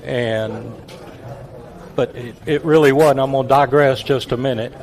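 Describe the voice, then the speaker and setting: A man, a retired stadium announcer, telling stories in a folksy, halting way with repeated words. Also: medium pitch, darkish tone. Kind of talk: reminiscing guest on a talk show.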